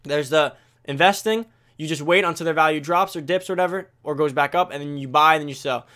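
Teen boy video host, rattles through tips at top speed, slightly high voice. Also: fairly bright tone. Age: teens. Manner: rapid, self-correcting, talks straight to viewers. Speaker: gaming video creator. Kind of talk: fast casual game commentary.

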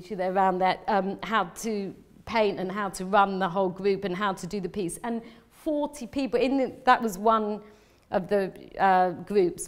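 Woman artist giving a talk to a room, chatty and rambly, keeps restarting, laughs a lot. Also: mid-range voice. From London, England. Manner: rambling, chatty, self-interrupting with frequent restarts; emotionally open, laughs often. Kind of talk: live lecture presenting slides.

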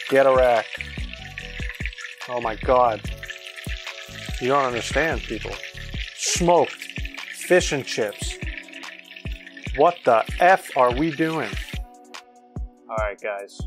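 An enthusiastic man hosting a casual barbecue cooking vlog, exclaiming and talking to his viewers. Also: mid-range voice. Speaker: BBQ cooking show host.

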